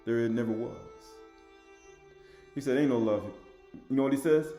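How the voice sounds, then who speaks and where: A man giving an informal sermon, reading scripture in a raised voice and then commenting in a lower, emphatic, repetitive way. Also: steady tone, brisk, pauses often, warm tone, reverberant, faint music behind. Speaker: religious lecturer.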